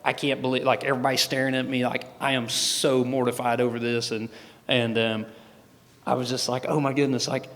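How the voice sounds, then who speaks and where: A man's voice: medium pitch, completely flat delivery, fairly quick, a bit bright. A man gives a folksy personal testimony as a guest speaker, with many restarts. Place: large event hall. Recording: long hall reverb.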